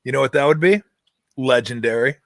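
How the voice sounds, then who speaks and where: A man's voice: mid-range voice, fairly quick, gravelly, dry recording. A middle-aged man hosting a sports talk show, telling jokey stories in casual chat. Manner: storytelling, jokey, animated retellings. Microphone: streaming call mic.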